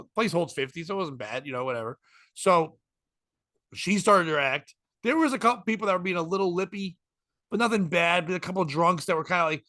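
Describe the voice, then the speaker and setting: A man's voice: high-pitched, sharp tone, dry recording, clean studio sound. A man, a stand-up comic hosting a podcast, rambling through a story with profanity and acted-out quotes. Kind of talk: casual storytelling chat.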